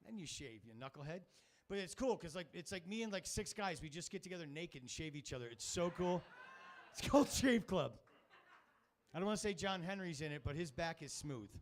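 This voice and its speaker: Middle-aged male comic hosting a club night, high voice, crude and self-mocking, on a stage mic. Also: lively intonation, fairly quick, slight background noise. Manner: crude, rambling, self-mocking, swears a lot. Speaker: stand-up comic and show host. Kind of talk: stand-up comedy set.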